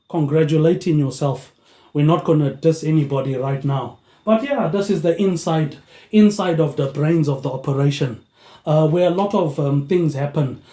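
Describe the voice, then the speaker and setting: A man rambles through a loose monologue, tagging his sentences with a casual "mate, eh". His voice sits a little high yet sounds mellow and warm. He records into a phone tablet with no microphone, so the room echoes around him. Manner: meandering, tags lines with "mate, eh". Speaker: vlogger.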